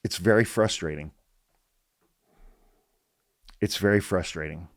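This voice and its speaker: A man's voice: deep voice, measured pace, no room sound, clean studio sound. A man hosting a political podcast, speaking bluntly and heatedly, swearing often and repeating his points for emphasis. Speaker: podcast host. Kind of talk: political commentary podcast, reading an article aloud.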